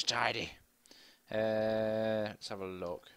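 A middle-aged man in a lowish voice, speaking at a normal speed, gives casual let's-play commentary on a game. He's a chatty, rambling gaming commentator who erupts into excited squeals, using a desk microphone and a face cam.

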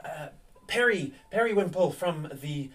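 Guy doing a stubborn young noble lady, higher voice, pleading hard, bit off mic. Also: lively intonation, measured pace, a bit bright, recorded from a distance. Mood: earnest pleading. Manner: earnest, pleading.

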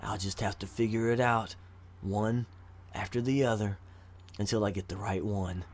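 A man's voice: fairly low pitch, steady tone, normal speed, lightly acted. A man voicing a gleeful, giggling old male necromancer locked in a prison cell, talking in a sly, gloating way.

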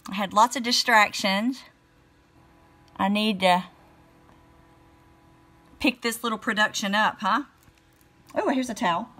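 Pausing often, a middle-aged beauty vlogger with a Southern American accent talks casually through a lipstick-swatch live stream and greets viewers by name. She speaks in an unhurried, mid-range voice with a sharp tone.

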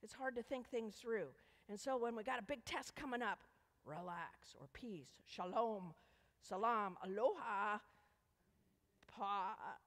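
Woman doing the kids' talk at church, kinda high voice, playful and coaxing, big echo in the room. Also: unhurried, a bit bright. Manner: playful, coaxing questions to children. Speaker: children's message leader. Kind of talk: children's sermon. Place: church sanctuary. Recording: echoey church hall.

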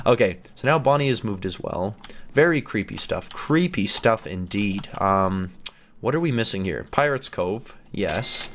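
Guy doing lets play commentary, super animated voice that jumps all over, laughs a lot. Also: medium pitch. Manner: excitable, laughs often, chatty. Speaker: gaming YouTuber.

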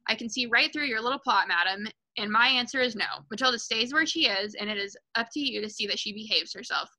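A huge, scornful headmistress barks, snaps and mocks, as a woman reading aloud puts her on. The voice is bright and pitched high. It booms with contempt. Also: brisk, heavily acted, poor audio. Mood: bullying. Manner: barking, snapping, mocking. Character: huge bullying female headmistress, loud and scornful.

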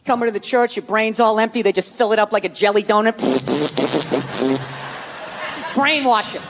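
On stage at a comedy club, a fast-talking man with a high-sitting voice rants through his set with exasperation, profanity and mocking asides. The audience laughs loudly throughout the live recording.

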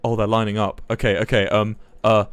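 A young man, commentating a live game stream in a flustered, excitable way, swearing and laughing. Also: on the low side, a little fast, smooth, no room sound. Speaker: livestreamer.

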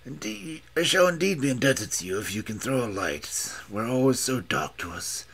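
A man's voice: medium pitch, a bit bright, breathy edge, heavily acted. A man voicing an elderly invalid scholar who speaks in a precise, mincing, plaintive way. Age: older. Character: elderly male invalid scholar, chain-smoking, fussy.

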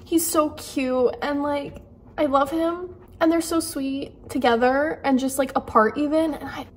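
A woman's voice: high-pitched, fairly even intonation, measured pace, a little hiss or hum. A young woman chatting in a casual reading vlog, gushing and emotional, with lots of fillers. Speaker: book vlogger.

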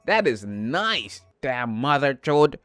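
A YouTuber man reading out comments, answering them with sarcastic, deadpan jokes. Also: mid-range voice, slow pace, no echo, soft background music.

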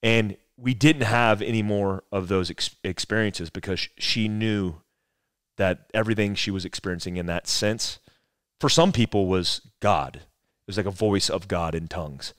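Man, 40s, low voice, profane, rambling storyteller, podcast guest, dry close mic. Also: normal speed, a bit bright, no echo. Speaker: podcast guest, former special forces soldier. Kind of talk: casual storytelling conversation.

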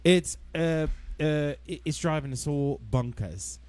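A man's voice: on the high side, animated, slow, a little mellow. A man, a musician guest on a livestream, chatting casually with dry jokes. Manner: joking, dry, dad-joke humor.

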